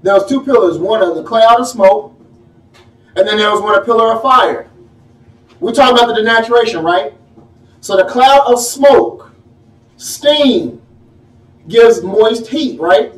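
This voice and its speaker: A man preaching a sermon in a folksy, animated way, firing off rhetorical questions at his congregation. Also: sits high, unhurried, long pauses. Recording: echoey room, mic at a distance.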